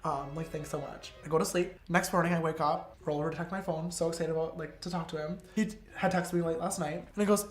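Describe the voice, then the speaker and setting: Young guy spilling a story super fast, lots of "like", echoey room, faint music behind. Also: on the high side. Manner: fast, animated storytelling full of "like", acting out quoted texts. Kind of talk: casual storytelling chat.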